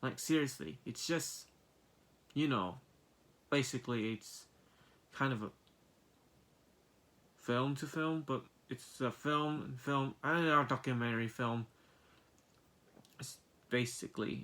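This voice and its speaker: A young man talks through a casual movie review in a bright, tense voice. He rambles and circles back on himself, and keeps firing off exasperated rhetorical questions. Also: mid-range voice, slow, long pauses.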